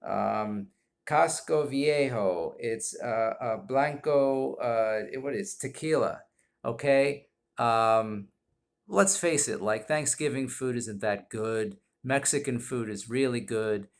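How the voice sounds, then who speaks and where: Male whisky reviewer, slow rambling deadpan delivery full of hesitations. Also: medium pitch. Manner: rambling, halting, deadpan, heavy with fillers. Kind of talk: comedic monologue review. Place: indoors at home.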